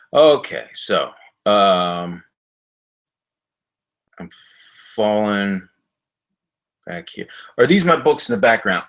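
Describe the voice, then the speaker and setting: A sharp-toned middle-aged man talks casually on a livestream from his home library, responding to viewers' comments. He rambles and halts through his stories with many fillers, and his voice shoots up when he mimics people in them.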